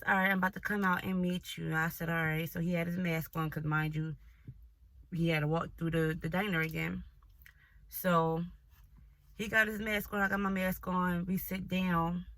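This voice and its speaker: A young woman vlogger telling a dating story in a casual, animated and profane way, often breaking into laughter. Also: mid-range voice, dry recording. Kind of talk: storytime vlog.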